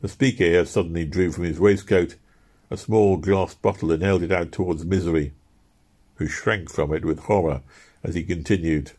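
Husky-voiced male audiobook narrator. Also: sits low, steady tone, moderate pace, darkish tone.

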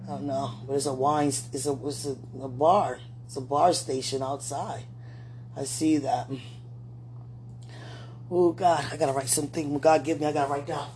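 A woman's voice: sits low, fairly even intonation, normal speed, darkish tone, a little hiss or hum. A middle-aged woman speaking an emotional, repetitive prayer aloud, pleading and talking to herself.

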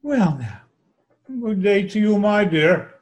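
Guy channeling a calm indian-accented spirit guide, talks slow and high, keeps saying you see. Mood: serene. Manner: slow, measured, sermon-like, repeats "you see". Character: gentle wise spirit speaking as a small Indian man. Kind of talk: trance channeling.

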